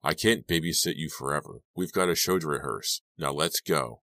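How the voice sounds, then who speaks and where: A man's voice: a bass voice, moderate pace, pushed and bright, no room sound, full character voice. A man reading a showy, bossy teenage stage director who talks in a pushy, dismissive way.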